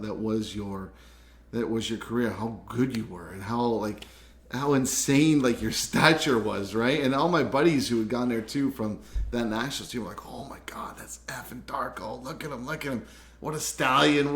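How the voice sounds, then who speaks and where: A man, hosting a casual podcast interview and talking in a loose, rambling way. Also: lowish voice. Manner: rambling, admiring, many fillers. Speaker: podcast host. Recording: echoey room.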